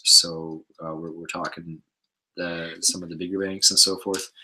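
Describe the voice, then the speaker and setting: A man's voice: low-pitched, level tone, unhurried, sharp tone, rough recording. A man casually chatting on a livestream, answering viewer questions in a laid-back, rambling way. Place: home livestream setup.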